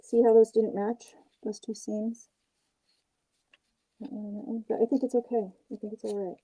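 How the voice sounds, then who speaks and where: On poor audio, an older woman's voice sits on the high side, level and dark with a breathy edge, at normal speed. She hosts a crafting livestream as a puppet maker, talking chattily and poking fun at herself while narrating her puppet work, starting outdoors on a porch before heading into her home workshop.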